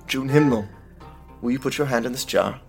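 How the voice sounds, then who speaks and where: A man narrating as game master in a tabletop game, relaxed and descriptive. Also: medium pitch, normal speed, creaky, over music. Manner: relaxed, descriptive, hedging with fillers.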